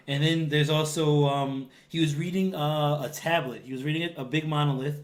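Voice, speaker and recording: A man's voice: a little high, fairly even intonation, moderate pace, few pauses. A man co-hosting a casual podcast, laid-back and enthusiastic when he talks about games. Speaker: podcast co-host. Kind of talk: casual chat.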